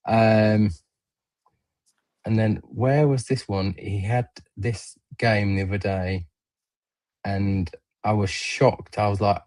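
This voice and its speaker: This middle-aged man hosts a podcast over a remote stream, rambling through casual stories packed with fillers and restarts. He speaks a little slowly in a fairly low, darkish voice, yet stays animated.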